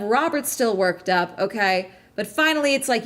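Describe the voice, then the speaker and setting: Animated, profane woman chatting. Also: fairly high pitch, moderate pace, few pauses. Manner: animated, profane, frequent "okay?" check-ins. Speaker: podcast host. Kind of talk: casual chat recapping a true-crime documentary.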